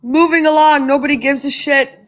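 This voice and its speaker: A woman's voice: high voice, steady tone, brisk. A woman livestreaming and reacting to clips, ranting bluntly and swearing heavily with scorn.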